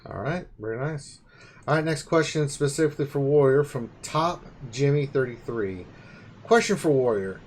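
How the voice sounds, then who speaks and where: A man hosting a live Q&A, briskly reading out listener questions. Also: mid-range voice, lively intonation, darkish tone. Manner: brisk, reads questions out plainly.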